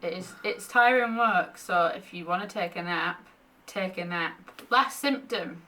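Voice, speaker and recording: A woman's voice: lowish voice, a little slow, pushed and bright, recorded from a distance. A young woman in pregnancy, chatting casually to camera and often short of breath, laughing between thoughts. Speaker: vlogger sharing pregnancy updates.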